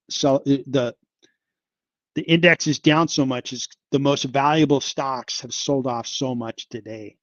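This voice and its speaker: A man's voice: mid-range voice, dry recording, dull audio. A man hosting a casual investing livestream, chatting about stocks and sighing and exclaiming over a falling market. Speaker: investing channel host.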